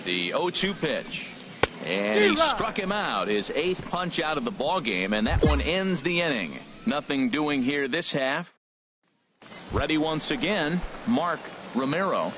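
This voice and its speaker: A man calls baseball play by play in a brisk, crisp voice pitched a little high. The sound is muffled, with steady background noise behind him. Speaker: play-by-play announcer. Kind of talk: video game baseball play-by-play.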